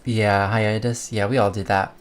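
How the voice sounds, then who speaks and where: A man's voice: on the low side, flat delivery, normal speed, clear, resonant tone. A man co-hosting a livestream, reading viewer chat aloud in rambling, casual talk full of fillers and restarts.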